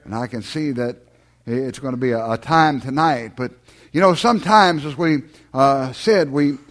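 A man, preaching a sermon with a hoarse, strained voice, halting with many fillers and folksy asides. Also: medium pitch. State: hoarse, low on voice. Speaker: pastor.

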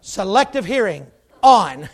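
A preacher with an unusually high voice delivering a sermon. He is folksy and emphatic, with joking asides, and often swells to shouting. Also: sing-song, unhurried.

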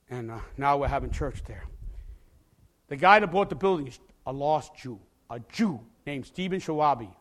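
A male pastor preaches his testimony in a high, sharply bright voice that swings widely in pitch. He is impassioned and breaks into shouts. He also repeats words as he gets each phrase going.

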